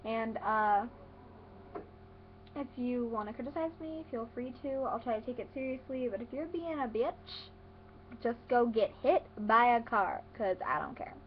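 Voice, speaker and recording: Teen girl ranting sarcastically on a webcam, high voice, kinda muffled with a bit of hiss. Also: expressive, measured pace. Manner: sarcastic, rambling. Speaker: vlogger. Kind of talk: casual vlog rant.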